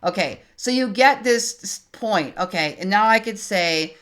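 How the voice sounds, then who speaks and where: A woman in her fifties giving a screen-recorded tutorial, talking casually and thinking aloud as she types, reading her prompts out slowly. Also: mid-range voice, animated, a bit bright. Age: 50s. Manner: chatty, thinks aloud while typing, reads prompts out slowly. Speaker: creator teaching online tools.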